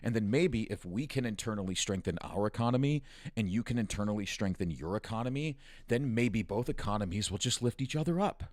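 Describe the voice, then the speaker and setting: A man's voice: on the low side, animated, brisk, a little mellow, no echo, clean studio sound. A man hosting a news commentary stream, ranting angrily with constant profanity and mockery. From United States. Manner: angry, profane, mocking rant.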